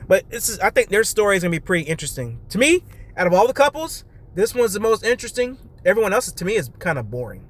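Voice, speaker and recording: A man's voice: high voice, sing-song, fast talker. A man hosting a podcast, casually recapping a reality show episode in a loose, chatty way and talking straight to his listeners.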